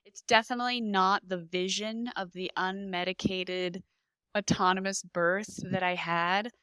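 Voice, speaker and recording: Woman, young adult, podcast guest; crisp, bright tone; emotional, lively storyteller, dry close sound. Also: mid-range voice, measured pace, dry recording. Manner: animated, emotional retelling with lively reenacted quotes. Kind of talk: personal storytelling in a podcast interview.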